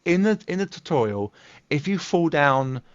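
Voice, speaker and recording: A man's voice: on the high side, very animated, moderate pace, no echo. Inquisitive man on a dull, dry mic. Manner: inquisitive, chimes in with questions and agreement. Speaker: podcast co-host. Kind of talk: casual gaming podcast chat.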